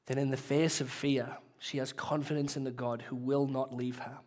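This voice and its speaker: A man preaching a sermon as pastor, earnest and emotional, swelling louder and then dropping soft, ending in prayer. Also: mid-range voice, little pitch movement, moderate pace, few pauses.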